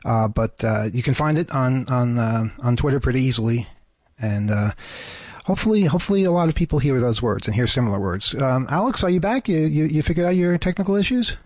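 A man's voice: mid-range voice, lively intonation, fairly quick, darkish tone, no room sound. A man hosting an FM radio talk show, speaking in an earnest, hesitant way from a studio. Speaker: radio host.

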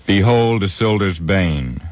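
A man's voice: sits low, animated, slow, no room sound, pitched above the performer's own voice. A man voicing an ancient, wise male elf lord in an audiobook reading, speaking in a stately, declaring way.

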